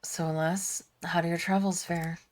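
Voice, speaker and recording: A woman voicing a calm, kindly older male ship captain who speaks in a measured, gentle way. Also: on the low side, faint music behind, natural voice.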